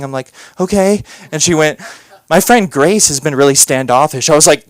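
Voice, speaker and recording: A man's voice: fairly high pitch, brisk, clear, resonant tone, no echo. A man performing a rambling, self-deprecating stand-up set on a comedy club stage, with lots of fillers.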